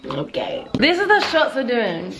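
A woman's voice: fairly high pitch, huge pitch swings, measured pace, gravelly, a bit bright. A young woman with a British accent, chatting upbeat to her viewers in a casual vlog. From England. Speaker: vlogger.

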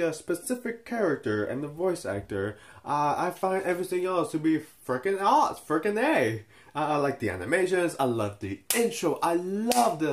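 A young man giving a casual, unscripted review and stumbling over his words with many fillers and restarts. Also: mid-range voice. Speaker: video reviewer.

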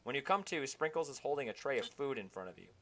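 A young man playing a video game on a live stream, reading its lines aloud with animated, joking delivery. His voice is bright and lively in tone. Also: mid-range voice, fast. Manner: animated, jokey.

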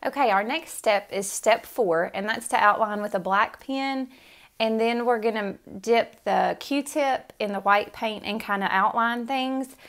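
A woman's voice: on the high side, unhurried, a bit bright. A woman art teacher giving a casual step-by-step tutorial in her studio, talking loosely with lots of "um" and "like". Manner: casual, friendly, many fillers like "um" and "like".

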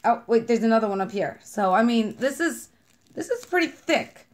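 A woman with a New York accent talks her way through an unboxing, bubbly and a little kooky. Her voice sits on the higher side, and she rambles from one thought to the next with easy, gushing enthusiasm. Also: expressive, moderate pace. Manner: gushing over scents and colors. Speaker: vlogger unboxing wax melts. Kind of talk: casual chatty unboxing.

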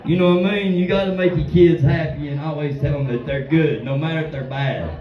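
Rowdy high-voiced comic on stage. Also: male voice, brisk, echoey room, distant mic, dull audio. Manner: crude, rowdy, addresses the crowd. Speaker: stand-up comedian. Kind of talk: stand-up comedy set. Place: bar stage with a live audience.

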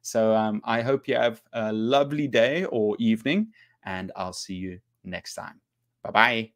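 A man teaching English grammar on a live stream, reading example sentences aloud slowly and patiently and greeting viewers by name. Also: lowish voice.

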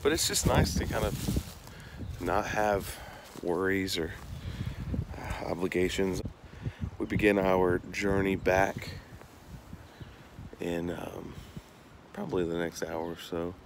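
A young man with a very low voice talks slowly and calmly in a casual outdoor vlog. Background noise runs steadily behind his speech. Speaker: vlogger. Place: outdoors on a hiking trail.

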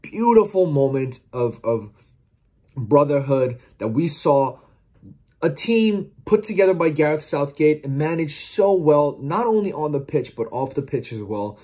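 A man's voice: a little high, lively intonation, measured pace, mellow, breathy edge. A man giving a heartfelt, earnest post-match reflection to camera as a football vlogger, often stumbling and repeating words. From outside England, watching from across the Atlantic.

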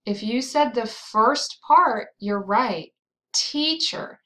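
A woman with an American accent teaching pronunciation, saying each word slowly and repeating it for the listener. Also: fairly high pitch, fairly bright tone, rough recording. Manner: drills words slowly and repeats them. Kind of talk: slow, clearly enunciated teaching.

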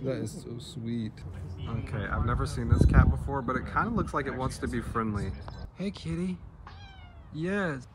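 A man's voice: medium pitch, moderate pace, a loud crowd. A man hosting a casual walking vlog outdoors in a neighborhood, talking affectionately to cats. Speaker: vlog host.

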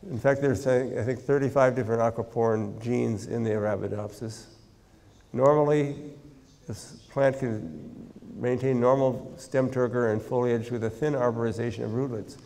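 Gravelly older man lecturing in a hall. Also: mid-range voice, fairly even intonation, warm tone. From United States. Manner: measured, with dry humor in anecdotes. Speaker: guest lecturer, scientist. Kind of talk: university lecture. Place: large university lecture hall.

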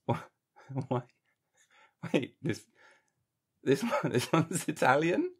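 A man's voice: fairly high pitch, very animated, slow, husky. A man hosting a podcast in a casual comedic monologue, rambling and jokey, swearing freely and acting mock-indignant. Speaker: podcast host.

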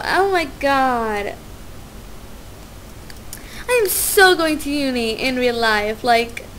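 Young woman, let's play commentary, high voice, faint hum behind, bubbly, gushing. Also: slow pace, pauses often. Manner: bubbly, gushing excitement, stumbles over words. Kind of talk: casual gameplay commentary.

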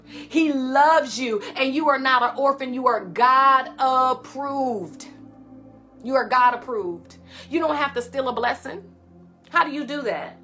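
A woman minister delivering a fervent prophetic sermon, moving between loud declarations and hushed prayer. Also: high voice, unhurried, soft background music.

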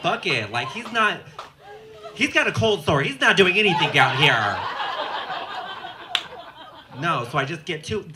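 A man's voice: a little high, sing-song, measured pace, long pauses. A man doing profane, brash stand-up crowd work at a live bar comedy show. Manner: brash, profane teasing of the audience. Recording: live bar set with loud crowd and noise.

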